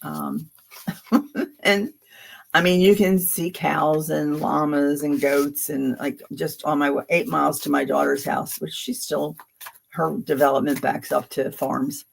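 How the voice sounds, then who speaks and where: Reading tarot on her livestream, a Philadelphia woman in her seventies chats casually, drifting from one story to the next with plenty of laughter. Her voice sits low with little pitch movement, a slightly slow pace and vocal fry, and there's a faint hiss or hum.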